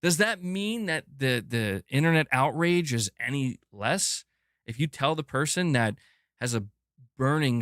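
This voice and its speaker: A man hosting a gaming news livestream, ranting emphatically with lots of swearing, swinging from loud bursts to muttered asides. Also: mid-range voice, no echo, clean studio sound. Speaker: gaming news channel host. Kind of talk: livestream commentary rant.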